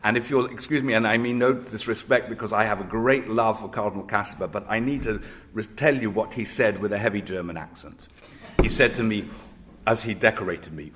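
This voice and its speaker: A rabbi from Israel speaks on a panel in a fairly low voice. He talks in a measured, reflective way. He pauses to hesitate as he tells anecdotes. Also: a bit bright.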